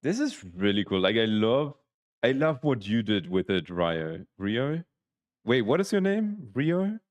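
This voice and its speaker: A young man streaming live, chatting casually, excitable and laughing often as he reacts to chat. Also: medium pitch, measured pace, lo-fi sound. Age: young adult.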